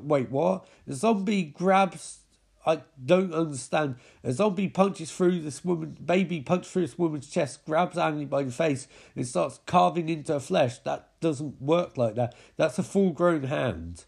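A man's voice: a little high, expressive, unhurried, gravelly, a little mellow, breathy edge. A man giving a mocking, profane recap of a zombie film with lots of exclamations. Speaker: film commentator.

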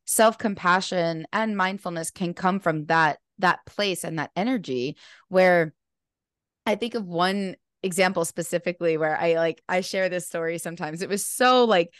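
Earnest woman with a low, dry voice. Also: normal speed, smooth, no room sound. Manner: earnest and animated, many "like" fillers. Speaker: podcast guest, mindfulness instructor. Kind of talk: casual conversational interview.

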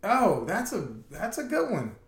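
A man co-hosting a podcast in casual banter, swearing freely, laughing often and telling stories with animated quoted voices. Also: high-pitched, unhurried. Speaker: podcast co-host. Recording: echoey room.

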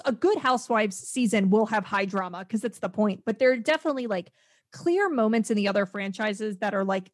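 Animated, laughing woman on a dry mic. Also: mid-range voice, dry recording. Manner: animated, laughs often, many fillers and restarts. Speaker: podcast guest. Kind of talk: casual podcast chat.

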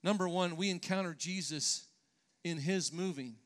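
A man's voice: high-pitched, moderate pace, a bit bright. A man preaching a sermon in church, earnest and emphatic, sometimes restarting his phrases. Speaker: pastor.

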